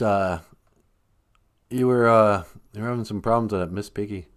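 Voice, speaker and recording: A man's voice: lowish voice, moderate pace, pauses often. A man hosting a live stream, rambling casually, joking and laughing often. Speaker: host.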